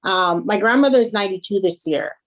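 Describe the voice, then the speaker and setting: Speaking briskly in a medium-pitched voice over poor audio, this guest runs a small food business and comes from a Caribbean background. She's a lively storyteller in a relaxed interview, sprinkling in "right?" and "you got it" often.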